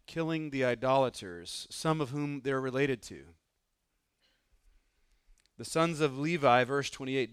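Smooth, dry-voiced male preacher. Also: mid-range voice, a bit bright, dry recording. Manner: earnest, conversational, asks the listener questions; puts on voices for the people in the story. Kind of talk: sermon.

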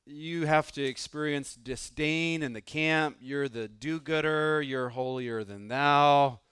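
Smooth, dry-voiced male preacher. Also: a little high, slow pace, a bit bright, no room sound. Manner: earnest, conversational, asks the listener questions; puts on voices for the people in the story. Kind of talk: sermon.

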